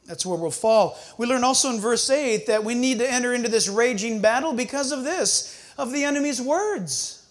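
A preacher with a medium-pitched, animated voice speaks at a normal speed in a conversational sermon. He poses rhetorical questions to the congregation and acts out small scenes, complete with quoted voices.

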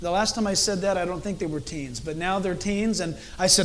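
A middle-aged man preaching a sermon as a pastor, animated and acting out different tones of voice as he speaks. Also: sits high, brisk, hardly any pauses, a faint crowd, a little hiss or hum.

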